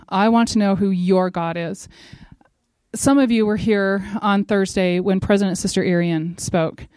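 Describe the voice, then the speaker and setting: A middle-aged woman gives a religious devotional talk in an even, middle-range voice. She tells her story with lively energy and speaks directly to her listeners. The sound is dry and close, with no room echo. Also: medium pitch, clear, resonant tone.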